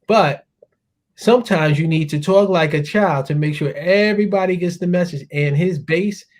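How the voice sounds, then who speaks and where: A man co-hosting a casual political talk show, animated and laughing often as he talks. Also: fairly high pitch.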